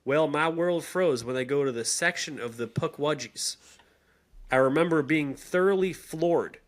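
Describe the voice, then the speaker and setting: A man reading aloud a grown woman's spooky childhood story, dramatic and swinging in pitch and pace. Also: animated, normal speed, pushed and bright.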